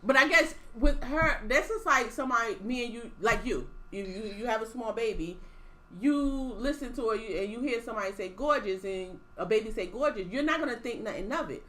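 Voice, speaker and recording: A woman's voice: a little high, animated, a little fast, pushed and bright. A young adult woman co-hosting a podcast in casual chat, reasoning through hypotheticals conversationally. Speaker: podcast co-host.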